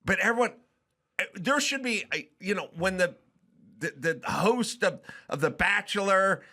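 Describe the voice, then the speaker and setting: A man's voice: high-pitched, lively intonation, moderate pace, pushed and bright. A middle-aged man hosting a podcast, ranting emphatically and profanely, slipping into mimicked voices. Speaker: podcast host. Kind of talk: casual podcast rant.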